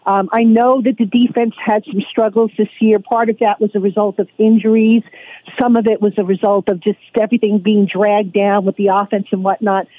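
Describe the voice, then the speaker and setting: A woman's voice: medium pitch, level tone, brisk, no echo. Woman on a tinny phone line. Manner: confident, emphatic. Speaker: podcast host guest. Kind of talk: radio interview.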